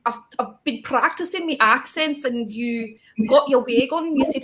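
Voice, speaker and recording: A woman's voice: sits high, moderate pace, hardly any pauses. Giggly woman with noise behind. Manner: giggly, laughs often. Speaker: guest. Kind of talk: casual chat. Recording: noisy background.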